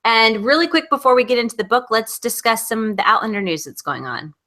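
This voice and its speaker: A woman's voice: on the high side, expressive, fast, sharp tone. A woman with a Southern US accent co-hosting a casual live chat over a video call, chatty and laughing often. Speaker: co-host.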